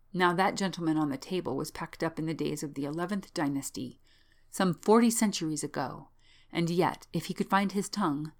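Shaken, excitable young man , read by a woman; low voice, fretful storybook scholar.

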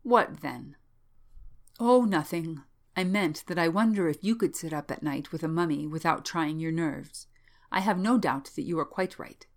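A woman voicing a nervous, excitable young male scholar in a storybook reading, with a low voice and fretful, self-reproaching speech. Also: moderate pace. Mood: agitated.

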